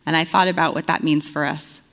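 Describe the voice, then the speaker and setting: A woman's voice: low voice, steady tone, fairly quick, gravelly, fairly bright tone, long reverb tail. A woman preaching a conversational sermon, earnest and storytelling, with frequent fillers.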